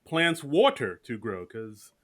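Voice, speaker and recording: A man's voice: mid-range voice, wildly swooping pitch, slow, dry recording. A man co-hosting a podcast, casually recapping a movie and jokingly acting out lines from it. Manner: jokey, acts out characters' lines. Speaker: podcast co-host.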